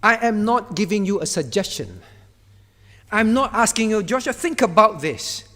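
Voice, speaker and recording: A male pastor delivers a sermon in a noticeably high voice. He is emphatic, repeating single words for stress and switching to a firm, commanding tone when he voices divine speech. Long reverb from the church hall trails each phrase. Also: big pitch swings, normal speed, a bit bright. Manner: acts out God's words in a firm voice.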